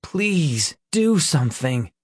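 A man's voice: on the high side, big pitch swings, slow pace, breathy edge, dry recording, studio quality, voice pushed up, heavily acted. A man voicing a fierce, protective young warrior who speaks in a raised, strained voice in a story reading. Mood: pleading. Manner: tense and urgent, raised and strained.

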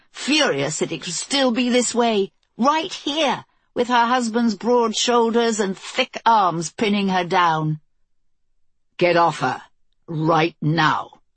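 A woman narrating an audiobook in a measured, intense storytelling manner. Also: fairly low pitch, breathy edge, no echo. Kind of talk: scripted narration.

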